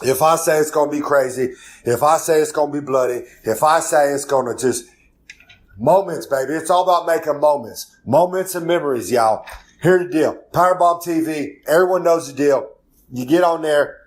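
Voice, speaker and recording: A man with a Southern US accent delivering a rambling, boastful wrestling promo full of catchphrases. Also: on the high side. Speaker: wrestler doing a promo segment.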